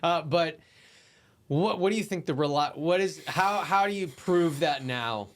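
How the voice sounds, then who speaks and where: A man's voice: a little high, measured pace. A man hosting a podcast, chatty in a casual interview, with lots of "like" and acted-out quotes. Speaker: podcast host.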